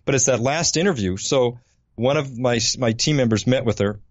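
A man from the United States, a podcast co-host, telling a parish story casually in a halting way, often repeating words. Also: mid-range voice, dry recording. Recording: dry, slightly dull lo-fi recording.

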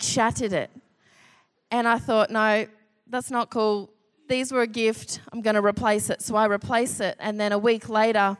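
A woman in her thirties telling a funny personal anecdote in an animated, self-deprecating way. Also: a little high. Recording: long hall reverb.

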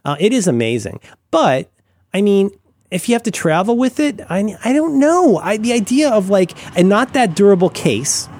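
A man chatting casually about tech as a podcast co-host, excitable and rambling with many restarts. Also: high voice, moderate pace.

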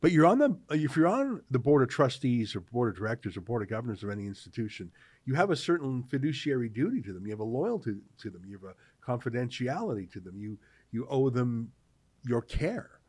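A man from Canada hosting political commentary, talking in an animated, sarcastic way. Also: medium pitch, fairly quick, dry recording. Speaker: host.

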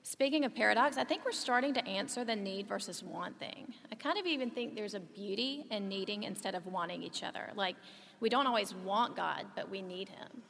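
A woman's voice: medium pitch, fairly quick, gravelly. A woman in her thirties, a mother and co-host, reading a scripted conversation in a chatty storytelling manner. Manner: chatty storytelling, lively asides. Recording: long hall reverb, faint ambience.

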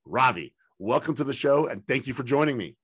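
A man's voice: mid-range voice, expressive, a little fast, fairly bright tone, husky, no echo. A man hosting a sales podcast, enthusiastic and hyped-up as he introduces and interviews a guest. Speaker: podcast host.

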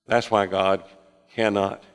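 An older man preaching a sermon, folksy with joking asides, swinging from impassioned fervor to hushed, quiet passages. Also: lowish voice, little pitch movement, takes it slowly, smooth, long reverb tail.

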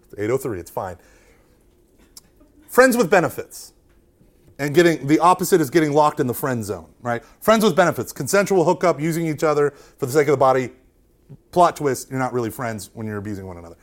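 A man in his thirties, a Catholic speaker, giving a joking, animated storytelling talk to an audience. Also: mid-range voice, fairly quick. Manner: animated, joking, self-deprecating.

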